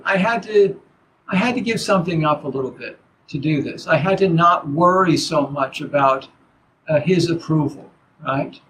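A man giving a relaxed dharma talk as a Zen teacher, conversational and full of fillers and asides. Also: high-pitched, a little hiss or hum, rough recording.

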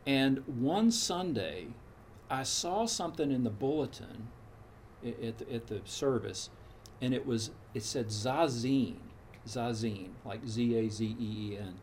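A man's voice: mid-range voice, animated, unhurried, darkish tone, slight background noise. A man in his sixties telling a frank personal story in a casual, meandering, reflective way. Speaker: storyteller recounting his path to meditation.

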